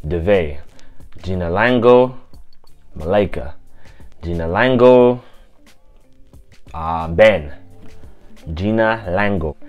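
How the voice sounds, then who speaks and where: A man giving a casual language lesson, repeating each phrase slowly and clearly and explaining in a loose, relaxed way. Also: sits low. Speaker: language teacher.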